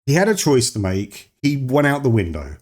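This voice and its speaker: This casual film review comes from a man with a mid-range, sing-song voice at normal speed. He keeps drifting into digressions and interrupting himself partway through sentences.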